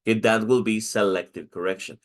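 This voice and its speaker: A man with a Mexican accent, Spanish his first language, delivering a recorded lecture to teachers in training. His voice sits on the low side, and he explains step by step, restarting phrases and checking understanding with "okay?". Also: steady tone, fairly quick.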